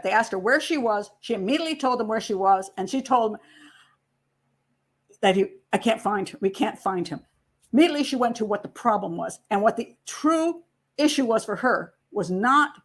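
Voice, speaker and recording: A woman hosting a true crime show, analyzing a case in conversational commentary and acting out quotes to argue her points. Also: on the high side. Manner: conversational, argumentative, acts out quotes. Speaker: true crime profiler host.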